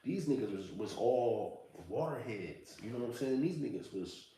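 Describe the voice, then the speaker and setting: A man's voice: medium pitch, lively intonation, moderate pace, mellow, a little hiss or hum. Man talking slangy through heavy room echo. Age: 30s. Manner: loose street slang, repeats "you know what I'm saying". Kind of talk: reflective monologue. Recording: distant mic in a very echoey room.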